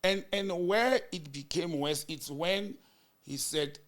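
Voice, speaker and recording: A South African political commentator on a chat show recounts a heated hearing, voicing each side's words with mounting emphasis. His voice sits on the high side, a little bright, and he speaks slowly.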